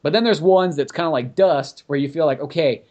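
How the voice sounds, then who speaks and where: A man hosting a podcast, chatting casually in a rambling, animated way full of "like". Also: fairly high pitch, brisk, muffled recording. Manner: rambling, animated, heavy use of "like". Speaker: podcast host. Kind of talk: casual chat.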